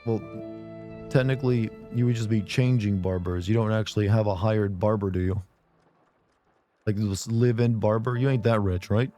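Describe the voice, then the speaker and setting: Hoarse, chatty male streamer. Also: lowish voice, warm tone, faint music behind. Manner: joking, chatty, quick laughs. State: hoarse from illness. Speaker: game streamer. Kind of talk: casual stream chat.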